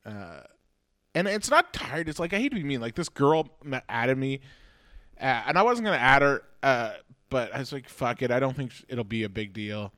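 A man's voice: medium pitch, very animated, moderate pace, a bit bright, no room sound, studio quality. Rambling, profane comedian man. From Halifax, Canada. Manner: rambling, profane, self-mocking. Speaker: comedian and podcast host. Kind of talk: casual chat.

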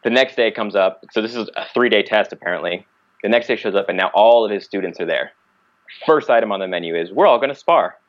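A man's voice: on the low side, quick pace, dull audio. A man, a martial artist guest on a podcast, telling a story casually and acting out the dialogue. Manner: animated, acts out quoted dialogue.

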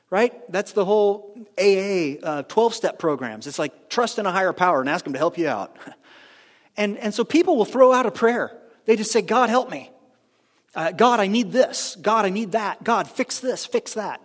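A man preaching a sermon as pastor, animated, with frequent restarts and asides to the congregation. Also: high voice, long reverb tail.

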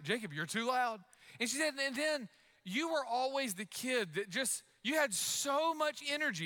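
Loud, energetic high-voiced preacher man. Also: a little slow. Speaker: pastor. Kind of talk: sermon.

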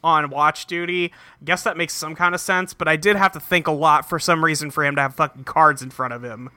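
A man's voice: on the high side, steady tone, fairly quick, pushed and bright, no echo. A man recapping a cartoon episode in casual, profane, joking podcast chat, rambling with fillers, on a close mic. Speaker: podcast co-host.

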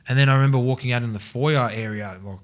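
A man's voice: medium pitch, fast. A man telling his own story in a casual interview, rambling with many fillers and restarts and frequent laughs. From Australia. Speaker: podcast guest.

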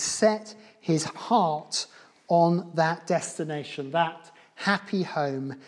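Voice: mid-range voice, darkish tone. Earnest preacher giving a sermon. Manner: earnest, with frequent restarts and repeated words. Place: church.

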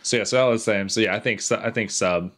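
A man co-hosting a casual podcast chat, laid-back and a bit halting. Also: fairly low pitch, a bit bright. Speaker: podcast co-host.

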